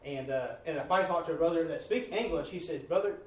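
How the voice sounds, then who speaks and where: Folksy preacher in an echoey hall. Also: male voice, fairly high pitch, fast talker. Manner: folksy storytelling, acting out dialogue. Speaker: missionary preacher. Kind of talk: sermon-style testimony with slides. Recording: echoey room, distant mic, faint ambience.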